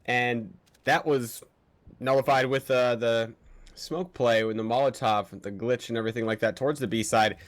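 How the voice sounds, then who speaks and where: A man's voice: medium pitch, fairly even intonation, normal speed. A man doing chatty, analytical color commentary on a match, asking rhetorical questions.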